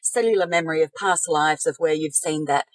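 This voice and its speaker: Calm low-voiced woman coaching. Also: no room sound, rough recording. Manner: calm, measured, instructive. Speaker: podcast co-host, life coach. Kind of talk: casual podcast chat, coaching advice.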